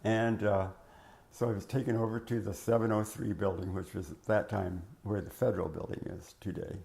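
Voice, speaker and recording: Older man with a low gravelly voice. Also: fairly even intonation, brisk, warm tone. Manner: rambling, reminiscing, many fillers and restarts. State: voice cracking. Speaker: interviewee recalling his working life. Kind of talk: oral history interview.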